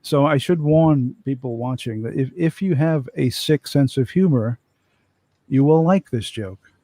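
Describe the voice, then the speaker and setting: A man's voice: medium pitch, a little slow, dark tone, no echo. A man in a casual chat telling a long joke, restarting his phrases as he goes. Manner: storytelling with repeated restarts.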